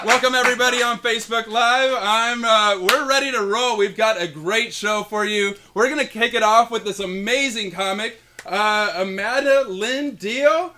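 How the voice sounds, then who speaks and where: High-voiced, upbeat male talk show host. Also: normal speed, hardly any pauses. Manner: upbeat and a bit fumbling. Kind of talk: late-night talk show hosting. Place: small studio with a live audience. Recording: noticeable background noise.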